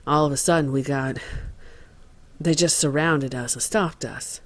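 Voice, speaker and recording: Guy reading a contractor on the witness stand, plain talk, slightly high voice, dramatized court testimony. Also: fairly even intonation, measured pace, no echo, natural voice.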